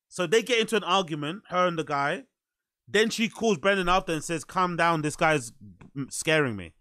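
A man doing live reaction commentary on a clip, animated and incredulous, swearing often. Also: high voice, no echo, clean studio sound. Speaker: streamer reacting to a podcast clip.

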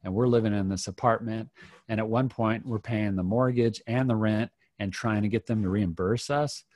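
Recorded cleanly in a studio with no echo, a middle-aged podcast guest speaks at normal speed in a low, darkish, steady voice. His personal story comes out earnest and reflective, with many restarts.

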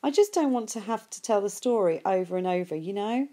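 A woman reading aloud and voicing a shy, earnest ten-year-old boy, her voice slightly raised and quick. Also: medium pitch, expressive, warm tone, close to an everyday voice.

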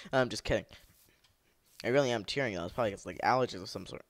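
A man giving casual gameplay commentary, excitable, shouting at the game, laughing often and rambling to himself in between. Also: on the low side, a little fast, no echo. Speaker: gamer.

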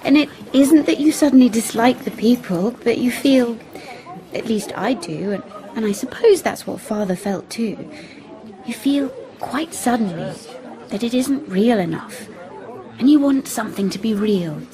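A thoughtful young writer. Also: female voice, a little high, expressive, a crowd in the background. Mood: earnest. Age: 20s. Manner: reflective, then brisk and bossy organizing games. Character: Kay, young woman writer, thoughtful and lively. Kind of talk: radio play acting.

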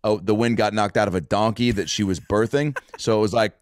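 A man hosting a casual podcast chat, telling stories in an animated way and swearing freely. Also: fairly low pitch, fairly quick, no echo, studio quality. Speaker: podcast host and comedian.

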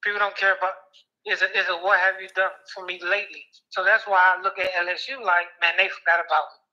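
A man in his thirties, a former football player being interviewed, talking haltingly and emotionally, close to tears, repeating words and restarting often. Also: high voice, flat delivery, sharp tone. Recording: dull lo-fi audio.

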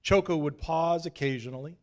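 A man's voice: a little high, a little fast. A man from Idaho telling a wry, self-deprecating story as a preacher in a sermon. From Idaho, USA.

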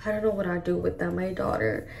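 A young mother talks to her camera in a casual vlog, gushing and emotional as she goes. Her voice carries a gravelly fry. She sits a little back from the microphone. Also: on the low side, little pitch movement, fast, a little mellow, recorded from a distance. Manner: emotional, gushing, says "y'all" and "like" often. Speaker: mom vlogger.

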